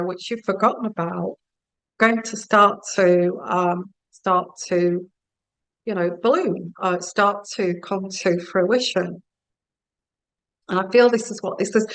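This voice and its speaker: A woman giving a tarot reading, talking slowly and musingly straight to the listener. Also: medium pitch, a bit bright, clear, resonant tone, rough recording. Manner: slow, musing, addresses the listener directly. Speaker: tarot reader.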